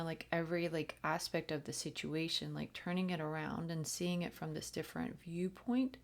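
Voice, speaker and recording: A woman with a somewhat low voice gives a channeled spiritual reading. She speaks softly and hesitantly, often dropping to a whisper. She weaves flowing strings of invented syllables into her plain talk. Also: gravelly. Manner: soft-spoken, often drops to a whisper, halting with fillers. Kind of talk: channeled reading with spoken light language.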